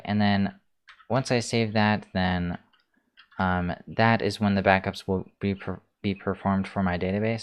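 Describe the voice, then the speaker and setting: Deep-voiced guy walking thru a coding screencast at his desk, clear tone, lots of ums. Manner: relaxed, thinks aloud with many ums. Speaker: tutorial host. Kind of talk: casual screencast coding tutorial.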